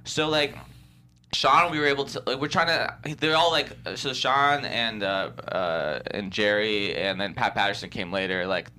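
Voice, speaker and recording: A man, a comedian, telling a rambling, animated story in casual chat, full of restarts and laughs. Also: lowish voice, normal speed, slight background noise. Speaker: comedian guest.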